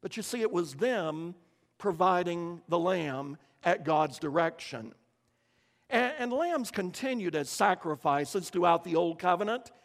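High-voiced preacher in a reverberant hall. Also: male voice, animated, gravelly. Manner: reads scripture aloud, then explains it slowly with emphasis; repeats words when starting a sentence. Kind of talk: sermon.

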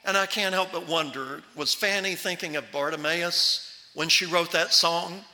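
A man preaching a sermon as pastor, animated and acting out the Bible voices. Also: a little high, unhurried, in a large hall.

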